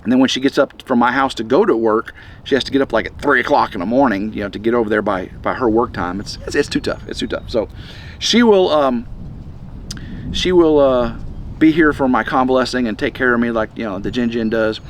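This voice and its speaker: A middle-aged man rambles to his camera outside on a windy day. His voice sits at an ordinary pitch, and he talks in stops and restarts with a slightly congested chest. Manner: rambling, halting, many restarts. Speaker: vlog host. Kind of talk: casual rambling vlog. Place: outdoors in the wind.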